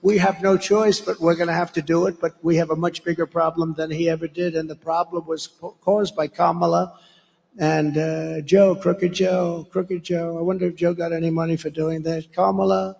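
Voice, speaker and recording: Guy giving a rally speech, high-ish voice, blunt and rambly, big echoey hall. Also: little pitch movement, fairly quick, vocal fry, darkish tone. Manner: blunt, rambling, name-calling, with asides to the crowd. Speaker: political candidate. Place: large rally venue.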